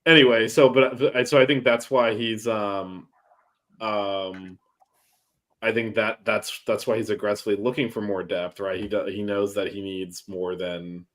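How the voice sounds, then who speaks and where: A man's voice: fairly low pitch, steady tone, a little slow. A man hosting a casual sports chat, rambling with many fillers and restarts. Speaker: sports podcast host.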